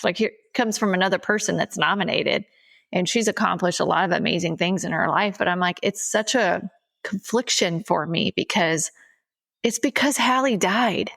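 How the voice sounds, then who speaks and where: A woman's voice: lowish voice, moderate pace, gravelly, a bit bright. A woman co-hosting a casual podcast chat, candid and direct, speaking openly and earnestly. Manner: candid, teasing then earnest. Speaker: podcast co-host.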